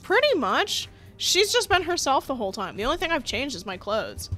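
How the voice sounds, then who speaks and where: A young woman talks through a story game in casual commentary. Her voice sits high and swings widely in pitch, and she breaks into frequent laughs and easy swearing when something annoys her. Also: sing-song, a little fast, bright, forceful tone, soft background music. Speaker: gamer playing a story game.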